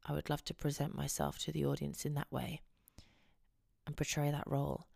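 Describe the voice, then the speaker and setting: A woman's voice: deep voice, completely flat delivery, normal speed, vocal fry, darkish tone, no echo, clean studio sound. A young adult woman hosting a podcast, chatting casually and telling rambling, giggly stories. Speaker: podcast host. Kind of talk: casual chat.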